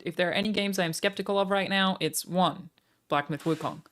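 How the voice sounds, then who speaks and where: A woman's voice: lowish voice, brisk, a bit bright. A woman chatting on a live stream. She gushes thanks at donors, reads articles aloud and swears casually as she goes. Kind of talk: live stream chat and reaction.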